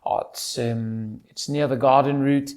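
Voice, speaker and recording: A man's voice: mid-range voice, steady tone, a little slow, a little mellow, close to an everyday voice. A man voicing an easygoing South African man from Pretoria, with a put-on South African accent and a laid-back manner that keeps circling back to stock phrases. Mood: homesick.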